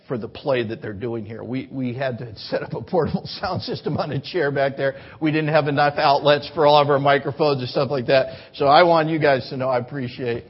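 Delivering a sermon in the church sanctuary, this pastor talks briskly with hardly any pauses in a slightly rough, medium-pitched voice. He's earnest and conversational with his congregation, at times tripping over words, and the recording has its highs cut off.

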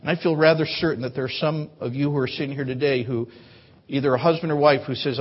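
A pastor preaches to his congregation in a church sanctuary, earnest and conversational, occasionally stumbling over his words. His mid-range voice is husky and steady in tone, and he speaks fast. The audio sounds dull.

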